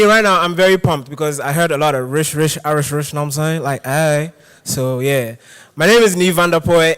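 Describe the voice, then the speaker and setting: A young man from Ghana hosting a conference game session, energetic and joking, talking to a live audience. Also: fairly high pitch, clear, resonant tone, long reverb tail. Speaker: session host. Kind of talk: hyped conference game host. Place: conference hall.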